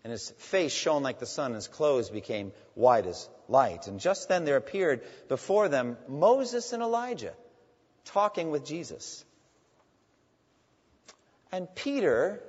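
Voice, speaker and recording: A man preaching a sermon as a pastor, emphatic and swinging between loud and hushed. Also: medium pitch, breathy edge. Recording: dull sound in a long-reverb hall.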